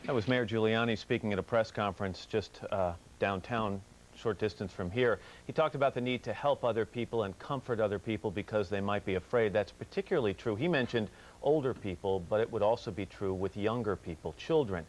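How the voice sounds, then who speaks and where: Male news anchor, lowish voice, calm questions on live tv. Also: brisk, poor audio.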